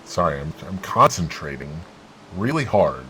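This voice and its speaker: Gamer guy calling his own race, bright voice, kinda low, gets super excitable. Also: a little slow, slight background noise, rough recording. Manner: excitable, bursts into loud exclamations. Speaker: gaming channel host. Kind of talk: live play-by-play of a racing game.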